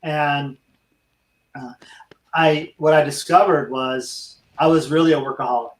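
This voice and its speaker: A man's voice: on the high side, steady tone, unhurried, roomy sound, rough recording. A middle-aged man, a veteran and dog trainer, telling his life story in an interview and speaking earnestly to listeners. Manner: earnest, addresses listeners as friends.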